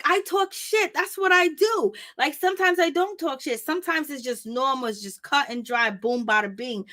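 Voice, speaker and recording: A woman's voice: sits high, a bit bright. A woman giving blunt, sassy commentary on a reality TV show, talking trash in a casual gossip style. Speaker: YouTube commentator.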